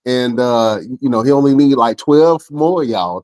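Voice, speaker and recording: A man's voice: mid-range voice, unhurried, a little mellow. A man hosting a wrestling podcast, chatting casually and enthusiastically with slangy talk and easy laughter. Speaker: podcast host. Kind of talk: casual interview chat.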